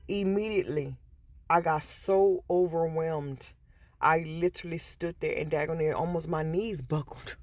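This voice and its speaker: A woman vlogger casually telling a personal story, animated and often restarting and repeating words, on a headset mic. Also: sits low, normal speed, dry recording.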